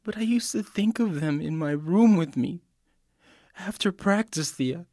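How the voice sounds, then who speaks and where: A woman's voice: lowish voice, unhurried, dark tone, no room sound, clean studio sound. A woman acting a troubled twenty-year-old young man, guarded and anxious. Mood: anguished.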